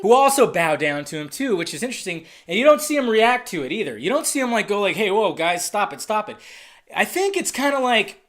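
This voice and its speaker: A man casually talking through a film trailer, excitable and rambling, swearing freely as he speculates. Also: high-pitched. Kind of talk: casual video commentary.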